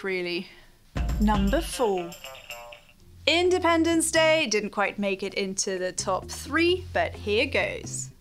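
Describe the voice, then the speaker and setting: A woman's voice: medium pitch, a bit bright. A woman, hosting a scripted countdown with playful, wry commentary. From Russia. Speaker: host.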